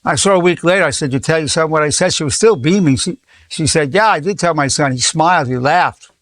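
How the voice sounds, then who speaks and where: A man's voice: a little high, fast, a bit bright, dry recording. A man in his eighties, a psychologist, giving an informal lesson full of stories, often repeating himself and acting out quoted dialogue. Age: 80s. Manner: repeats words and restarts, acts out quoted dialogue. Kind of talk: informal teaching talk with anecdotes.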